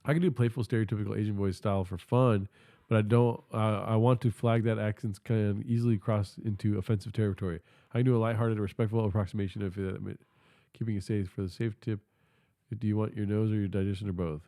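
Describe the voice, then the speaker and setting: Ai guy assistant voice, low, dry, super polite and careful. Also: fairly even intonation, fast talker, warm tone, dry recording. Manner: polite, careful, advice-giving. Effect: text-to-speech voice. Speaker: AI chat assistant. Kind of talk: scripted assistant replies.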